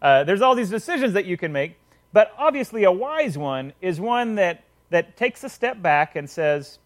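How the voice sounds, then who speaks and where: A man's voice: sits high, sing-song, normal speed. A man preaching a casual sermon, retelling a parable conversationally with frequent check-ins to listeners.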